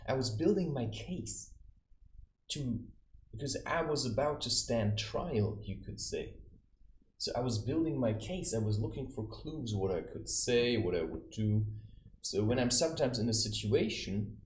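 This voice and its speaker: Animated and mid-range, this male voice proceeds at a moderate pace as a self-styled spiritual adviser offers rambling, casual guidance. He drifts from anecdote to anecdote, acting out each person's words. There's a roomy echo on the recording, plus slight hiss or hum.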